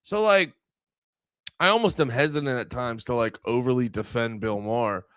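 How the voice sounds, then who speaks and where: A man's voice: medium pitch, normal speed, a bit bright, clear, resonant tone, dry recording. A man hosting a podcast, ranting casually with lots of swearing and filler words. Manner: rambling, swears a lot, many fillers. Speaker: podcast host. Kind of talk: casual profane podcast rant.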